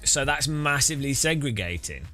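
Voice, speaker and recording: A man's voice: mid-range voice, big pitch swings, normal speed, pushed and bright, soft background music. A man rambling casually while streaming a racing game, often restarting his sentences and chuckling. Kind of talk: casual gameplay commentary.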